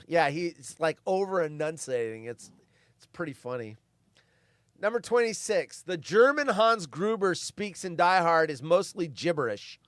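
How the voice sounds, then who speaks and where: A man with a high-pitched voice reads trivia in a relaxed commentary, breaking off for offhand asides. The recording is dry and close, with no room sound. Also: normal speed, no room sound. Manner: reads facts, then adds offhand asides. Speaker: host reading movie trivia. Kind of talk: casual commentary over a film.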